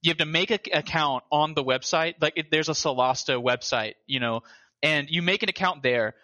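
Bright-voiced man in casual gaming chat. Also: fairly high pitch, brisk, no room sound, highs cut off. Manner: animated, laughing, swears casually.

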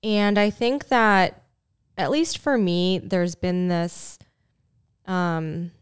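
A woman's voice: lowish voice, extremely slow, clean tone, no room sound, studio quality. A woman co-hosting a podcast, asking rambling questions with many fillers and hesitations. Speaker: podcast co-host. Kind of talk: casual conversation.

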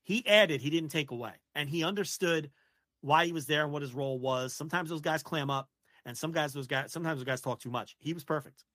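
Bright, opinionated man ranting. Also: a little high, a little fast, no echo. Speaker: podcast co-host. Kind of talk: casual podcast chat about wrestling.

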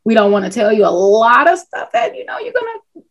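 Casual podcast host, woman, slightly high voice, expressive storyteller. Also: brisk. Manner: animated storyteller, laughs often. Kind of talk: casual chat.

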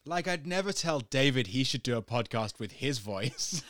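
A man's voice: medium pitch, expressive, normal speed, hardly any pauses, fairly bright tone, dry recording. Laughing man, dry close voice. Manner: laughs often, storytelling. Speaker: podcast co-host. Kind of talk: casual chat.

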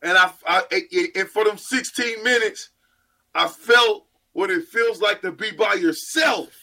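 A man co-hosting a sports radio show, joking loudly and acting out stories in casual banter. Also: high voice, unhurried, creaky. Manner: playful storyteller, loud and animated. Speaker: radio co-host.

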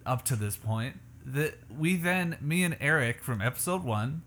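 A man in his thirties hosting a podcast, chatting casually with his wife, laughing often and chiming in warmly. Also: mid-range voice, lively intonation, moderate pace, a little hiss or hum. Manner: laughs often, affectionate interjections. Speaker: podcast host. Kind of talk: casual chat.

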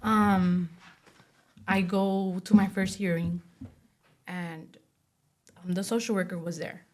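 A young woman speaking as an interview guest, giving a personal testimony in a soft voice full of "you know" and "like". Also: lowish voice, fairly even intonation, slow pace. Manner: soft-spoken, many fillers like "you know" and "like".

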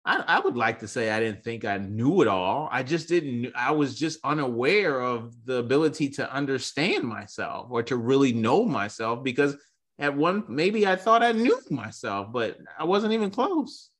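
A man co-hosting a podcast, reflecting on himself in a halting, searching way with restarts. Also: medium pitch, lively intonation, a bit bright. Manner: reflective, halting, thinks aloud. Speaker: podcast co-host. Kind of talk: podcast conversation.

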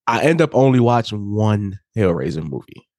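A man co-hosting a casual podcast, relaxed and loose, talking through a slight cold that leaves him a bit hoarse. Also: fairly low pitch, normal speed, no echo, clean studio sound. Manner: relaxed, loose, with frequent fillers and laughs. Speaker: podcast co-host. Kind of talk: casual chat.

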